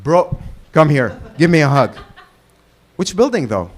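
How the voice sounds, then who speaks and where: Animated stand-up comedian host, high-voiced man. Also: unhurried. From Lebanon. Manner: loud announcer calls when introducing acts; acts out both sides of dialogues, swearing. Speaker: open mic host and comedian. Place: comedy club stage with live audience.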